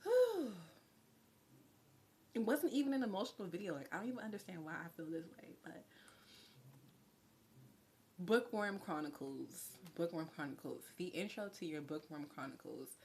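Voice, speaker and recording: A woman doing a live tarot reading, talking in a chatty, effusive way and sometimes dropping to a soft whisper. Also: on the low side, expressive, moderate pace, a little hiss or hum. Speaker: tarot reader.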